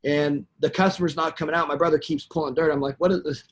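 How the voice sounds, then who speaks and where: Animated man telling a sales story. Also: fairly high pitch, fast talker, hardly any pauses. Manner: animated anecdotal storytelling, acting out quoted dialogue. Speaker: sales trainer. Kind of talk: webinar storytelling.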